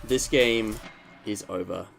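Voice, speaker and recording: A man's voice: lowish voice, slow pace, creaky, over music. A man streaming live and commentating on his gameplay, exclaiming and groaning as things go wrong. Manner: animated, swears and groans at the game.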